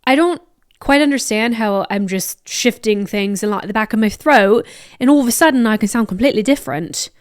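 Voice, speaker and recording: A woman's voice: a little high, a little fast, dry recording, clean studio sound. A young woman from the American South with a light Southern accent, hosting a podcast in a chatty, playful, casual way. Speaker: podcast host. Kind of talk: casual chat.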